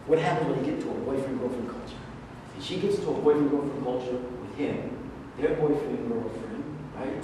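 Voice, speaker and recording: A man's voice: mid-range voice, brisk. A man teaching a religious class in a casual, conversational way, repeating key phrases and asking rhetorical questions. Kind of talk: lecture to a class. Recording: very echoey hall, far from mic, noisy.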